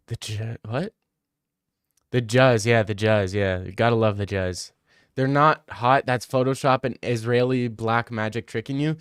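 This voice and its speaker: A man's voice: mid-range voice, takes it slowly, clear, resonant tone, dry recording, studio quality. Crude young man riffing on stream. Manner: crude, joking, rambling with slang. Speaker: streamer answering chat questions. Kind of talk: casual livestream Q&A.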